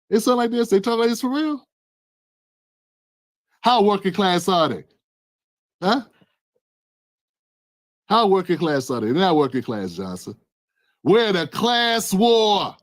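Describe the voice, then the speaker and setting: A man's voice: high-pitched, expressive, moderate pace, pauses often. A man hosting his own channel, giving impassioned political commentary full of repeated rhetorical questions. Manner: fervent, repetitive rhetorical questions, addresses a listener by name.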